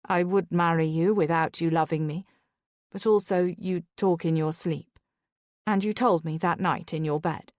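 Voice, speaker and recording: A woman reading a romance audiobook, voicing a sincere young nobleman in a tender, slightly lowered voice. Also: fairly even intonation, moderate pace, a little mellow, dry recording, studio quality, lightly acted. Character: earnest devoted young nobleman, a reformed rogue.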